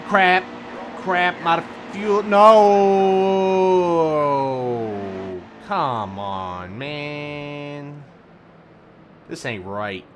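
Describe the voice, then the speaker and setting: A man giving live commentary on a racing game, grumbling and ranting, swinging from low muttering to loud outbursts. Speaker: gaming video host. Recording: game engine noise behind voice. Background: racing game car sounds.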